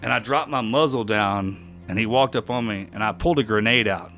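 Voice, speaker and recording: Middle-aged guy telling a wild story on a podcast, bright voice, lots of restarts. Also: lowish voice, brisk, faint music behind. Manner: vivid, emotional retelling with many restarts. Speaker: podcast guest.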